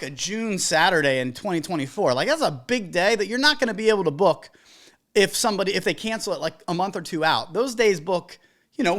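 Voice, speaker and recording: Animated wedding DJ podcast host with a lively, wide-ranging delivery who acts out the people in the stories. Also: medium pitch. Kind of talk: casual podcast monologue giving business advice.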